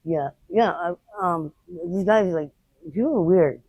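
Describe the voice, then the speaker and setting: A woman interviewed outdoors on the street, recounting her experiences in a blunt, unfiltered way with halting restarts. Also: on the low side, a little mellow, husky, no echo, poor audio. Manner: rapid, halting retelling. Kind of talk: candid personal storytelling.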